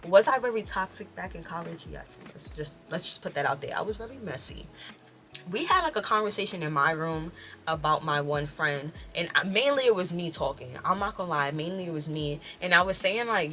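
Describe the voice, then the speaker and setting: A woman in her twenties tells a story to camera in a lively, slangy and profane way. Her voice is low-pitched but bright and forceful, and faint music plays behind her. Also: fairly quick. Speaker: vlogger. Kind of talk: casual storytelling vlog.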